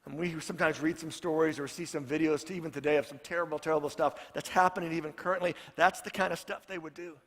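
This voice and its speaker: Bright, high-voiced man preaching in a hall. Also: steady tone, quick pace, hardly any pauses. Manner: storytelling, repeats his points for emphasis. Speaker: pastor. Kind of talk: sermon.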